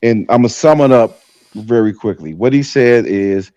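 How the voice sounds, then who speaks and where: A man's voice: medium pitch, sing-song, normal speed, no room sound. A man co-hosting a casual gaming podcast, giving his opinion in stammering, incredulous bursts. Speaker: podcast co-host.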